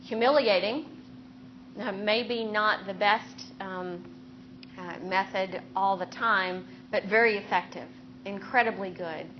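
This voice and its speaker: A woman speaking as a neurosurgeon and clinical teacher in a faculty lecture, earnest and steady, drawing on her own stories. Her voice sits at a middle pitch for a woman. The recording is a little dull, with faint noise in the background. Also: slow pace. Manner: earnest, anecdotal, steady explaining tone.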